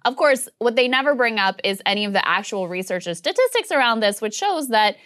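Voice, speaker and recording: A woman's voice: fairly high pitch, fairly quick. A woman co-hosting a political talk show, commenting casually and mocking a clip she just played. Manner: animated, mocks clips with quoted voices. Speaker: co-host.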